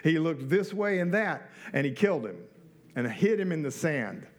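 A man's voice: fairly high pitch, sing-song, moderate pace. A middle-aged man preaching a sermon in a conversational way, with rhetorical questions and joking asides. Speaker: pastor.

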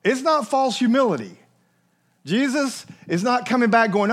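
High-voiced man preaching a lively sermon. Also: moderate pace. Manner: animated preacher, acts out quoted voices, asks the listeners questions. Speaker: pastor.

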